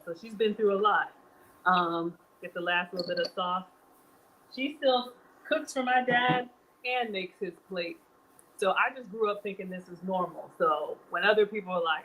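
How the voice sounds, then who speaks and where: A woman's voice: mid-range voice, pushed and bright, slight background noise, low-quality recording. A middle-aged woman, hosting a live cooking stream and chatting casually as she reads out viewer comments.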